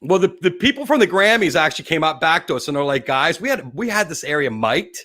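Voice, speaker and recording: A man's voice: on the high side, sing-song, fast talker, pushed and bright. A man hosting a casual interview, chatty and telling stories, laughing easily. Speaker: show host.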